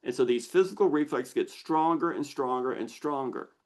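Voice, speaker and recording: A man hosting a live online Q&A, explaining slowly and deliberately with pauses as he shares slides. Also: mid-range voice. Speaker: misophonia researcher hosting a Q&A.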